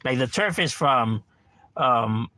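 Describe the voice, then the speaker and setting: Animated, swearing middle-aged man ranting. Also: medium pitch, slow pace, no echo. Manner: profane, animated, says "bro" constantly. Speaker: game streamer. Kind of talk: casual livestream rant. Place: at home.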